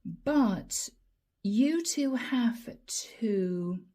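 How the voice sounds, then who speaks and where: Woman, tarot reading, slow, mellow, hushed asides. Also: a little high, expressive. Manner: slow, soft, drawn-out delivery with whispered asides. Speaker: tarot reader.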